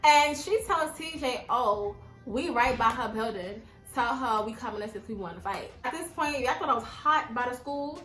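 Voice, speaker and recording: Brief: woman, twenties, New York, story-time vlogger, animated and slangy, slightly high voice, echoey room. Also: moderate pace, few pauses, faint music behind. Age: 20s.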